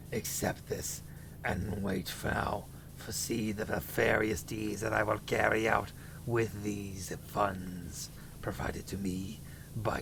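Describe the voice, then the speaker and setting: A man voicing a brooding male demon who slowly speaks theatrical, doom-laden proclamations in a low, whispery rasp during a livestream. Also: noisy background. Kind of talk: livestream character voice.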